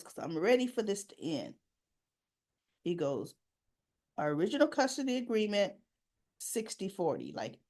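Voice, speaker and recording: A woman recapping a soap opera episode, casually retelling each scene and acting out the characters' lines. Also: on the low side. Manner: animated, acts out the lines.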